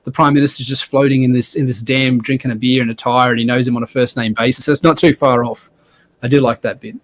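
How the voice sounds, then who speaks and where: An Australian man talks quickly and easily in a casual podcast chat. He rambles from point to point in a laid-back, friendly manner, at a mid pitch. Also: steady tone, slight background noise. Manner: rambling, easygoing storyteller. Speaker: podcast guest.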